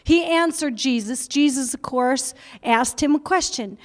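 A woman's voice: high voice, measured pace. A woman preaching a sermon in a small room, talking in an emotional, conversational way and often laughing. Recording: long hall reverb.

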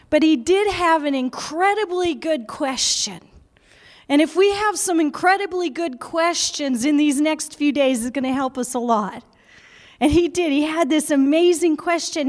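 A woman with a high voice preaches in a loose, conversational way, emotional and quick to laugh. Her sermon sounds like it was recorded in a small room, and a long reverb trails behind every word.

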